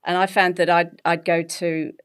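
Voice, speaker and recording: A woman in her forties from England with a BBC-style English accent, telling her story as an interview guest with animated, laughing delivery. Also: fairly low pitch, normal speed, smooth. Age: 40s. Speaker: guest, health coach. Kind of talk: conversational interview.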